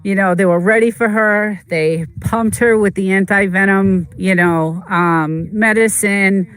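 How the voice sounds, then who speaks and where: A livestream host in casual chat who tells rambling, halting stories full of fillers and answers chat comments. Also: mid-range voice, steady tone, fairly bright tone, smooth, dry recording. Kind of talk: casual chat while streaming a game.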